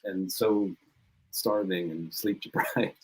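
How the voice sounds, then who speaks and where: A man guesting on a podcast, telling lively anecdotes in casual chat and laughing often. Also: deep voice, slow pace, husky, rough recording. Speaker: podcast guest, former reality show contestant.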